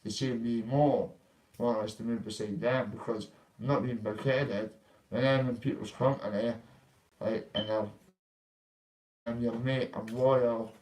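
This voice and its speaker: Vlogger, young man, blunt and confrontational, swears freely, mid pitch. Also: steady tone, normal speed, darkish tone, low-quality recording. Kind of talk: casual ranting vlog.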